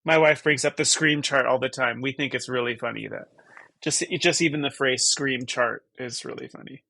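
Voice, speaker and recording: A man's voice: mid-range voice, normal speed, gravelly, pushed and bright. A man in his thirties, a guest on a podcast, chatting casually in a rambling, stop-start way. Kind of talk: casual conversation.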